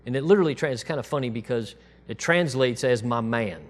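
A pastor preaches to his congregation fast, in a mid-range voice and a relaxed, conversational manner. Whenever he quotes God, he drops to a soft, quiet voice.

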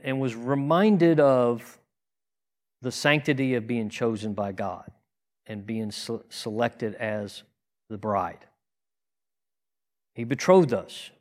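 An earnest man teaching scripture to his congregation in a conversational sermon. His voice sits at an ordinary middle pitch, and he talks plainly, often restarting a sentence or asking a rhetorical question.

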